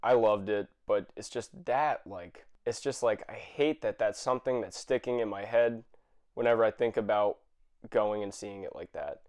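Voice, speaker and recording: A man ranting to camera, exasperated and swearing, with many fillers and restarts and sudden bursts of shouting. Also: lowish voice, normal speed. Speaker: vlogger. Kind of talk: angry rant to camera.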